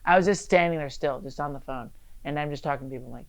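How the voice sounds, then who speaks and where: A young man from Michigan chatting on a podcast as a guest, swearing freely and telling animated stories that burst into loud shouts. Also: on the high side, racing, slight background noise, poor audio. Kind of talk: casual podcast chat.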